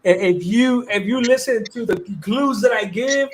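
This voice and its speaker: A young man with a high voice hosts a loose, casual livestream. His talk is laid-back and full of slang, and laughter keeps breaking in between his stories. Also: moderate pace, background noise. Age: 20s. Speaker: livestream host.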